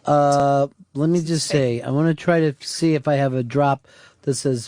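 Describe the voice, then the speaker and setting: A talk radio host banters casually, cracking crude jokes with his co-host and taking calls into a studio microphone. His mid-range voice is darkish and steady in tone, moving at a moderate pace with no echo.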